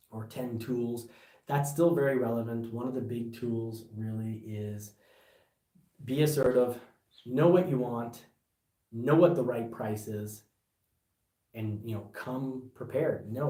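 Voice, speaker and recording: A man's voice: mid-range voice, distant mic. Worked-up man in an echoey room. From Canada. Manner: animated, gets worked up, rambling restarts. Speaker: car reviewer. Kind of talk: casual vlog commentary. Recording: echoey room, voice a bit off-mic.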